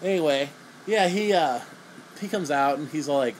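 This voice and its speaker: A young man with a slightly high voice rambles through a crude, sarcastic movie review. He swears freely and stumbles over repeated words. A faint air-conditioner hum runs underneath. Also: animated, normal speed, poor audio.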